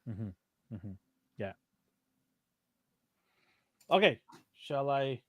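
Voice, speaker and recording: A man co-hosting a casual chat show, telling lively stories and acting out what people said, laughing often. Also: medium pitch, very slow, no room sound. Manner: animated storyteller, acts out quotes, laughs often. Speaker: co-host of a toy and anime show.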